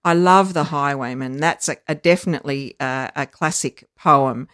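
An educator explains things in a measured, teacherly way, often pausing on um and uh. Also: medium pitch, a bit bright, dry recording, studio quality. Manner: measured, teacherly, frequent ums and uhs. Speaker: literacy educator. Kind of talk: explanatory podcast chat.

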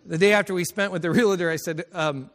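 A man preaching in a college chapel, with his voice sitting a little high for a man. The long chapel reverb trails behind every phrase. He is middle-aged and tells his stories with feeling and frequent laughter. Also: steady tone, fast talker, a bit bright. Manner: storytelling, emotional, laughs often. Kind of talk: sermon.

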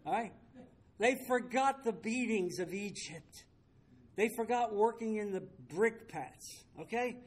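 A man with a notably high-pitched voice teaches a Bible study. He is emphatic, repeats his key points and keeps asking rhetorical questions, with the odd wry aside. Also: breathy edge.

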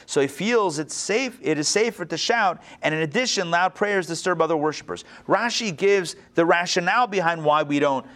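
In this text-study class, the man teaching Torah has a slightly higher-than-average male pitch. He reads a passage, then unpacks it loosely and lively, breaking off into asides and starting his sentences over.

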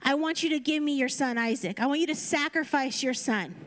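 A woman's voice: high-pitched, a little fast, a bit bright. A woman voicing God, firm and commanding. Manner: firm, insistent.

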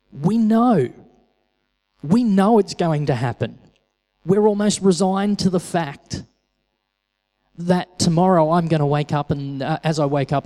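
A man's voice: fairly high pitch, darkish tone, in a large hall, low-quality recording. A man preaching a sermon in a conversational way, often repeating words as he starts a phrase.

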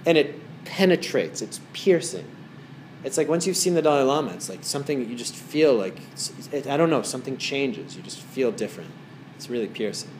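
A man's voice: mid-range voice, animated, fairly quick, a little hiss or hum. A man giving a casual talk as a meditation teacher to a small group in a wellness center, rambling through stories with many fillers.

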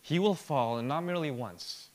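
A man preaching a sermon with earnest emphasis. He drops to a soft, slow, near-whispered delivery and rises again for emphasis. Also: fairly high pitch. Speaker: pastor.

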